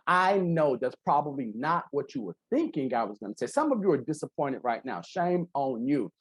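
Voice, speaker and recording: A man's voice: on the high side, breathy edge, no echo. Joking man leading a video-call training. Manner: joking, lively teaching banter. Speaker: real estate trainer. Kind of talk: interactive training presentation.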